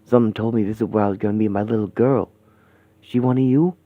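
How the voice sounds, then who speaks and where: A man doing a gruff New ghost dad. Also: steady tone, fast, no room sound, close to an everyday voice. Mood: grave. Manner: rough slangy talk, lowered gruff voice. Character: ghostly street-tough father, gruff and tender. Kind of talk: radio-play acting. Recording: thin phone-like, dry sound.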